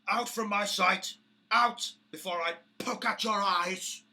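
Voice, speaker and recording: A British man voicing a pompous, brutal half-orc crime boss who booms his threats. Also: expressive, unhurried, bright, forceful tone, exaggerated voice. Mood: indignant. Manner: booming, theatrical, threatening.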